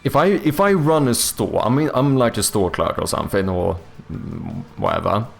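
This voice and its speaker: A creaky, medium-pitched male voice with big pitch swings, at normal speed, with soft music behind it. The speaker is a Swedish streamer with British-leaning English who reads and answers chat casually, restarting often and filling gaps with fillers.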